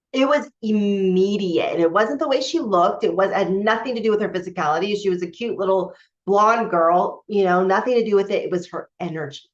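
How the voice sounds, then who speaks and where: A woman coaching spiritually, telling a personal story to camera in a candid, emphatic way with many fillers and restarts. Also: mid-range voice. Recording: dull lo-fi recording.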